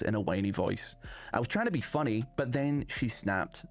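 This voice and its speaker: A man at an ordinary middle pitch reads online posts aloud and then comments on them off the cuff. His delivery is casual and animated, and he often lifts his voice at the start of a phrase. Faint music plays under his voice. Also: moderate pace. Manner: chatty, animated, rising emphasis on phrase openings. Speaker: host reading online stories.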